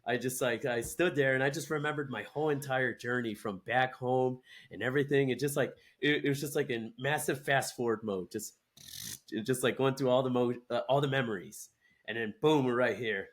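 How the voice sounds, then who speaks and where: A man's voice: mid-range voice, brisk. A young adult man, a guest in a chat, speaking hesitantly with many restarts and fillers. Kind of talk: casual chat.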